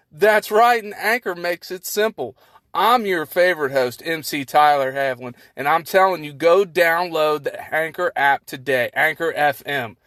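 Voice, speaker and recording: Booming male ad announcer, pushy pitch, a podcast host putting it on. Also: dry recording, clean studio sound. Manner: shouty, pushy sales pitch. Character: loud hyped male radio-ad announcer.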